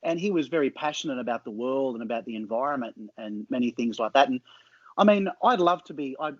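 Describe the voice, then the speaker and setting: A man's voice: medium pitch, lively intonation, quick pace, dry recording, highs cut off. A man hosting a podcast, chatting informally and enthusiastically. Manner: enthusiastic, informal, says mate often. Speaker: podcast host. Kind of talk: casual interview chat.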